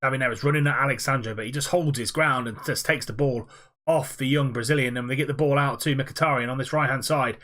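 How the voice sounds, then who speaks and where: A man's voice: medium pitch, steady tone, pushed and bright. Man calling football play-by-play. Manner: quick play-by-play with frequent "uh" fillers. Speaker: video game player commentating his own matches. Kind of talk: play-by-play football commentary over gameplay.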